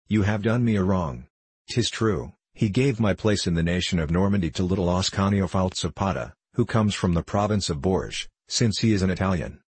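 A man reading a classic novel aloud as audiobook narration, in a steady even manner. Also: deep voice, husky, no echo. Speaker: audiobook reader. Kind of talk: scripted narration.

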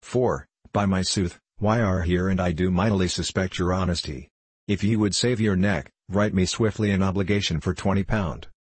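A man's voice: sits low, normal speed, slightly rough, no echo. A man reading the part of a scheming, merry medieval knight who speaks in a cool, mocking, lordly manner.

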